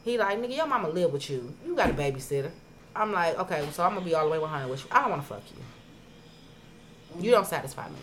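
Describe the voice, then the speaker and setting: A woman on a podcast telling stories in casual chat, profane and animated, acting out her own past arguments. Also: fairly low pitch, fast talker, a little hiss or hum. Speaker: podcast co-host.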